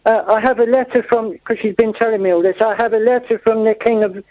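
High-voiced man on a dull phone line. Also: fairly even intonation, quick pace, dry recording. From Maidstone, England. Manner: rambling, hesitant, giggly. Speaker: caller. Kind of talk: phone-in chat.

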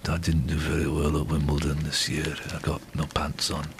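A man imitating a glum young male tennis player in a deadpan, mumbling way. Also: a bass voice, a little fast, creaky, a little hiss or hum, voice pushed down.

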